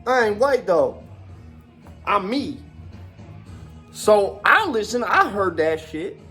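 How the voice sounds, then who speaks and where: A man in his forties rants in a casual podcast style, swearing freely and circling back on himself. His voice sits high for a man. Faint music plays underneath. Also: takes it slowly. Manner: animated, profane, rambling with many fillers. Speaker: former wrestler.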